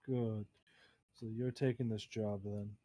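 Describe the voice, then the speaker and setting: A man voicing a cold male gecko contact on a video feed, speaking in a flat, robotic monotone. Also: on the low side, slow pace, voice pushed down.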